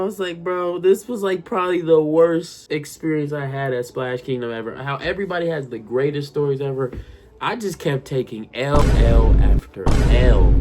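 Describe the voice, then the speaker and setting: A young man telling a funny personal story straight to his viewers, animated and slangy, often calling them "y'all". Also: fairly high pitch. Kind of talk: casual storytime monologue.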